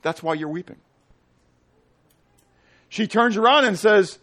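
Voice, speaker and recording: Pastor guy preaching, higher voice, asks the crowd stuff, goes loud then real quiet. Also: slow, pauses often. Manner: animated, asks the congregation questions; swings from loud to hushed. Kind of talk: sermon.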